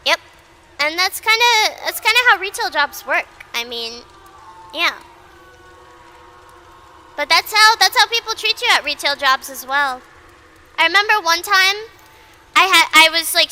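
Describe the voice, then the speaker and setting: A woman VTuber with an extremely high, bright and forceful voice chats casually on her livestream. She rambles and repeats herself, swears freely, and mocks herself bluntly.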